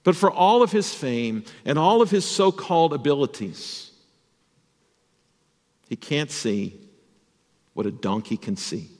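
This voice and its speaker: A man's voice: fairly high pitch, a little slow, long pauses, long reverb tail. A man, a pastor, telling a Bible story as a children's sermon and asking the children questions. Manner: animated, addresses children with questions.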